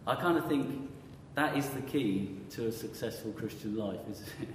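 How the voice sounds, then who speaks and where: Chatty preacher in echoey hall. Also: male voice, mid-range voice, normal speed, slight background noise. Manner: chatty, quizzes the audience with questions. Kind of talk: conversational sermon. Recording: echoey hall with long reverb.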